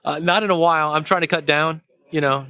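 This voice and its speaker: A man guesting on a podcast, answering with deadpan humor in casual chat. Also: fairly high pitch, brisk, clear, resonant tone.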